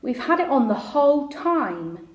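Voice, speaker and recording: A woman's voice: high voice, very animated, a little slow, pitched above the performer's own voice. A woman reading as an eager know-it-all inventor boy. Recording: roomy echo.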